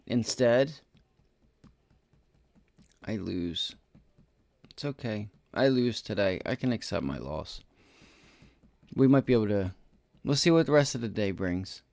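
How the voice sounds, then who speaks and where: A man hosting a live day-trading stream, talking through charts and swinging between low frustrated muttering and loud swearing outbursts. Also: animated, unhurried, vocal fry, long pauses, dry recording. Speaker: day trading livestream host.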